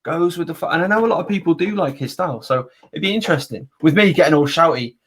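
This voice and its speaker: Lively host from North Wales. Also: male voice, fairly high pitch, quick pace, husky. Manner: animated, teasing, self-correcting. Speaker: podcast host. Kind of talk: casual interview chat.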